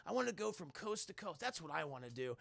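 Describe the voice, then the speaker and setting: Stubborn young ex-soldier, as a man plays him, low-key mumble with heavy fry. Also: sing-song, fast, a bit bright, no echo, heavily acted. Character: laid-back young male ex-Marine, stubborn.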